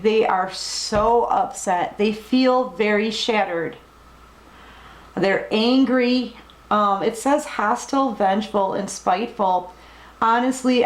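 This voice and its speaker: Slow, tender-voiced tarot reader woman. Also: medium pitch, reverberant, low-quality recording. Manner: gentle, reassuring, emotional, talks directly to the viewer. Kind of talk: collective tarot reading to camera.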